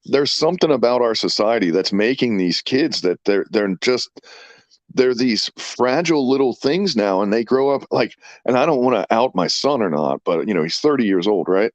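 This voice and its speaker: A man's voice: mid-range voice, moderate pace, dry recording. A man in his fifties, a podcast host telling rambling, profane stories in casual chat. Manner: rambling, profane, animated storyteller.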